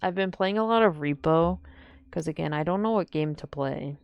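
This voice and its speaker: A young woman streaming from home, chatting casually to her viewers and often trailing off into low mumbled asides. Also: normal speed, vocal fry, clean tone, no room sound, highs cut off. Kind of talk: casual live-stream chat.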